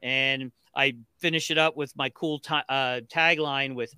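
Gruff joking man, slight lisp. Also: mid-range voice, fairly even intonation, measured pace, bright, forceful tone, no room sound. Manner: gruff, joking, self-deprecating. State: slight lisp from a missing tooth. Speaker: guest. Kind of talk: casual chat.

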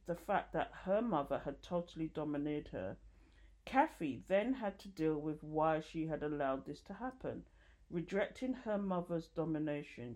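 A woman reading a nonfiction book aloud, expressive and lively, with occasional slips and restarts, lifting her voice for quoted dialogue. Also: deep voice. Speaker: audiobook reader.

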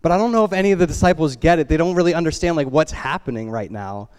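Smooth-voiced male preacher, casual retelling. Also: fast, in a large hall. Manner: casual, conversational retelling full of "like" and restarts; lets the voice drop low and quiet for solemn moments. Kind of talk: storytelling sermon.

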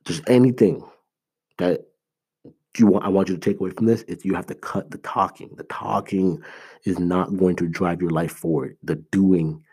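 Deep, husky man giving an earnest pep talk. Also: fairly even intonation, normal speed, warm tone. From Canada. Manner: earnest, emphatic, repeats key phrases; conversational, full of "like" and restarts. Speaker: motivational speaker and author. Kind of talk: motivational talk.

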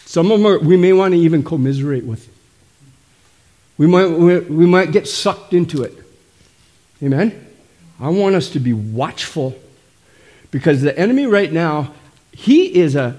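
Middle-aged pastor, slightly high voice, punchy preaching with constant "amen?" calls. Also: male voice, lively intonation, moderate pace, long pauses, mellow. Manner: emphatic, frequent calls of "amen?". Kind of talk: sermon.

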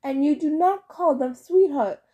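Lady doing a no-nonsense goddess of the hunt, curt and bossy, warm low tone. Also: a little slow. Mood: stern. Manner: curt, stern. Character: stern immortal huntress goddess, cool and commanding.

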